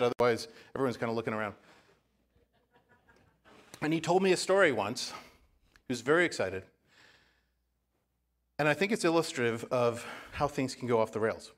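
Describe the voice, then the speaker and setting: Male pastor, mid-pitched, preaching a casual storytelling sermon in church. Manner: conversational storytelling with asides.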